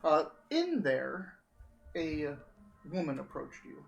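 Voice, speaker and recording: A man running a live tabletop game as game master, describing scenes and often pausing on "uh" while he recalls names. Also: a little high, big pitch swings, creaky, lo-fi sound, faint music behind.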